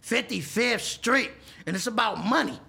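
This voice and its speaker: A man being interviewed, talking loudly in casual street slang and swearing freely. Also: extremely high pitch, normal speed, gravelly, background noise. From Texas. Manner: loud, animated street talk with frequent profanity. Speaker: interview guest.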